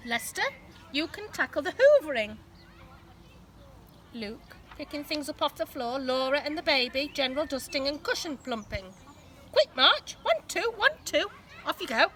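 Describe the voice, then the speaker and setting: A woman's voice: high voice, big pitch swings, a bit bright, a little hiss or hum, pitched above the performer's own voice, heavily acted. Woman doing a bossy, cheery storybook dad. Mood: commanding. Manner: brisk, commanding, sergeant-like.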